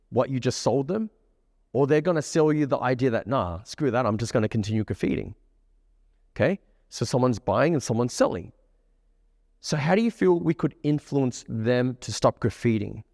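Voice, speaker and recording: A man coaching a live group of students, keeping the session energetic and often checking that the room follows him. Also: mid-range voice, moderate pace, dry recording, studio quality, long reverb tail. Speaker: dating coach. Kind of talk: live workshop teaching to a group. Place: room with a live audience, on stage.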